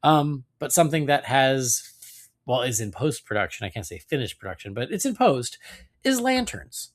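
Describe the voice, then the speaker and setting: A man's voice: mid-range voice, very animated, moderate pace. A man hosting a casual podcast chat, talking loosely with lots of fillers and hedges. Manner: chatty, hedging with many fillers.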